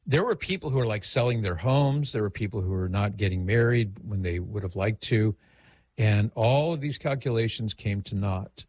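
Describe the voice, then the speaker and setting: A man's voice: on the low side, a little mellow, dry recording. A middle-aged man hosting a radio call-in show, giving advice in a conversational, digressive way.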